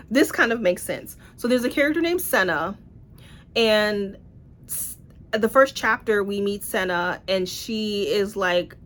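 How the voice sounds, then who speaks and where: A woman, a teen librarian, giving a casual spoken book review in an exasperated, sarcastic tone, often acting out her own incredulous reactions. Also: mid-range voice. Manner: exasperated, sarcastic, acts out incredulous inner voices.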